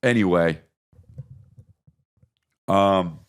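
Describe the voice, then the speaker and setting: A man hosting a podcast, telling crude, animated comedic stories and riffing with lots of profanity. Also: low voice, extremely slow, noisy background. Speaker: podcast host. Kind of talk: comedic storytelling monologue.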